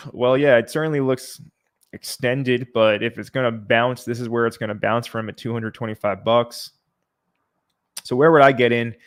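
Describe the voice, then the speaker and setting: A man hosts a casual livestream and talks over viewer comments at an easy pace, with fillers and small sighs. His pitch stays low-key and flat and barely moves. He sounds close to his microphone. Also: moderate pace. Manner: relaxed, chatty, reads out viewer comments. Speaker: livestream host.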